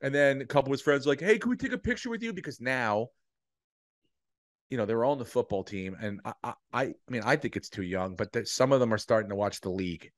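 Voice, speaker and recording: A middle-aged man, a podcast co-host, telling a long animated story in casual chat, swearing freely and acting out the voices of people in it. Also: medium pitch, fast talker, no echo, clean studio sound.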